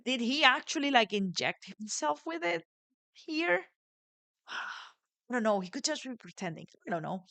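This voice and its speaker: A woman plays through a story game, reading its text aloud and chatting about what might happen next. She muses and wonders aloud at a middling pitch. The recording is dry and close to the mic. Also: a bit bright, dry recording. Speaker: let's play streamer.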